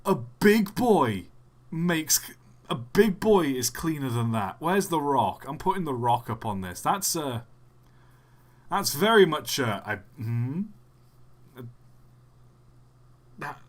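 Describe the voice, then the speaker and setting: A man's voice: a little high, very animated, takes it slowly, pauses often. A young man giving casual, jokey live-stream commentary, chatty and often trailing off.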